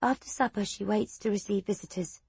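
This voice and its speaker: A woman's voice: medium pitch, fairly even intonation, a little fast, creaky, a little mellow, breathy edge, no room sound. A woman voicing a timid, anxious young maid in an audiobook, fearful and pleading. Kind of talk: audiobook character voice.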